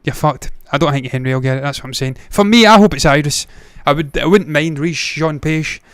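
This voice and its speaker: A man's voice: a little high, a little fast, a bit bright, smooth, no echo, studio quality. Blunt, swearing man. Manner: blunt, opinionated, frequent swearing. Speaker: movie news show host. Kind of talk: casual livestream commentary.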